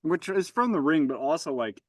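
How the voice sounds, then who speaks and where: A man's voice: fairly high pitch, sing-song, moderate pace, dry recording. A man co-hosting a podcast, joking and swearing in casual chat. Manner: jokey, swearing, riffing. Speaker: podcast co-host.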